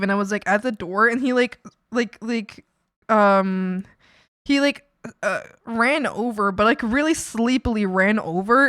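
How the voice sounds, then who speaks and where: A woman streaming while she works on art, telling stories in a casual, animated way, acting out quotes and laughing often. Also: a little high, no room sound, studio quality. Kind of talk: casual chat while drawing.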